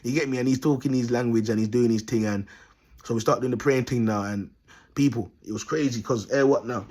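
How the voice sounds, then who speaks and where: A man's voice: mid-range voice, fairly even intonation, a little fast, darkish tone, husky. A man with a London accent telling a rambling, slang-filled story to his viewers, repeating himself and calling them "people". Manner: slangy, repetitive, bursts of laughter, addresses "people". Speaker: self-styled prophet vlogger.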